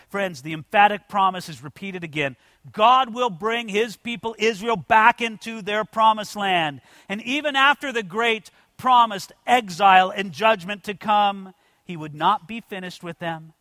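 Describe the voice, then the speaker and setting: A pastor with a high, bright voice preaching a sermon with dramatic swings between hushed asides and loud, drawn-out proclamations. He talks directly to his congregation as "friends." The sound is close and dry. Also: no room sound. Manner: emphatic, addresses the congregation as "friends"; swings from quiet asides to loud, slowed-down declarations.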